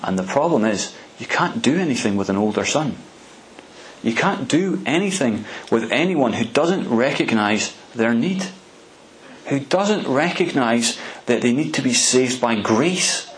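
A man's voice: mid-range voice, low-quality recording. A man preaching a storytelling sermon in a conversational way, often restarting and repeating words.

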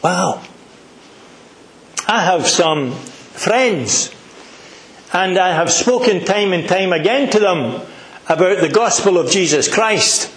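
Scottish guy preaching, high voice, big echoey church room, really earnest. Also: lively intonation, takes it slowly, pauses often, fairly bright tone. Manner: earnest, emphatic, asks the congregation questions. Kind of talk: sermon.

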